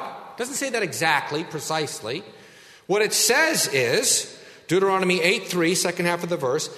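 Pastor guy preaching, kinda high voice, slows way down to hit the big words, big echoey church. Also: bright, forceful tone. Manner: emphatic preaching, slowing down to stress key words. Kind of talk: sermon.

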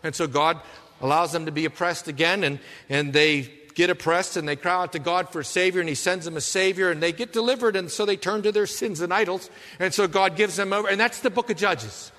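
A man preaching a sermon, telling stories and swinging between loud, earnest passages and hushed ones. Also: high voice, a little fast. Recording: long reverb of a hall.

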